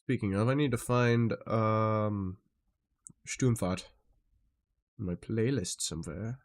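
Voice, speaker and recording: A man streaming live, chatting casually with viewers and jumping between tangents, often excitable and swearing freely. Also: lowish voice, slow.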